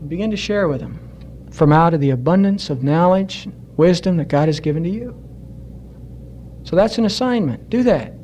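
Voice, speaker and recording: A man with a fairly high voice preaches a Sunday sermon in church. He urges his congregation earnestly and slows down to drive each point home. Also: animated, warm tone, a little hiss or hum. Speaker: pastor.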